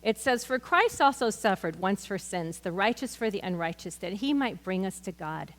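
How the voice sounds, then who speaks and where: A woman's voice: medium pitch, very animated, moderate pace, big-room sound. A woman teaching a Bible study in an earnest, conversational way, mixing scripture with personal stories.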